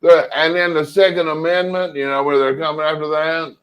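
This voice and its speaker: A man co-hosting a casual political chat, telling long rambling stories with animated asides. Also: on the high side, fairly quick, smooth. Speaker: co-host.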